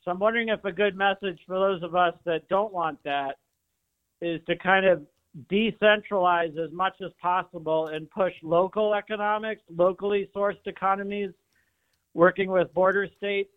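A man's voice: high-pitched, steady tone, normal speed. A man calling in to a radio show, making an earnest, rambling point. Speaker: caller. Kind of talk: call-in comment. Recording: phone line.

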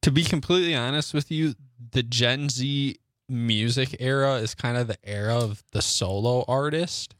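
A man's voice: mid-range voice, normal speed, few pauses, fairly bright tone, no echo, studio quality. A young man co-hosting a radio show, chatting in a laid-back, slightly hesitant way. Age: young adult. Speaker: radio co-host. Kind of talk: casual radio chat. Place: radio studio. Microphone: studio microphone.

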